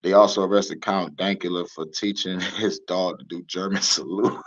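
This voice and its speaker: A man hosting a profane, animated reaction commentary, laughing and swearing as he talks, with loud high mocking repeats. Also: moderate pace. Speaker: reaction video host. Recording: muffled lo-fi audio.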